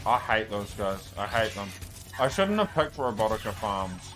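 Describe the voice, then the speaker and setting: A man commenting on his own speedrun as he plays, talking to himself, often frustrated, swearing and shouting at enemies. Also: medium pitch, big pitch swings, normal speed, soft background music. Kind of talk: live gameplay commentary.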